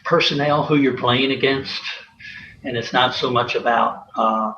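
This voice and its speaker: A man's voice: mid-range voice, fairly even intonation, unhurried, pushed and bright. A man, a former college athlete, telling anecdotes in a rambling way with many fillers and chuckles. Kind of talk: casual storytelling interview. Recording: roomy, slightly dull, faint hiss.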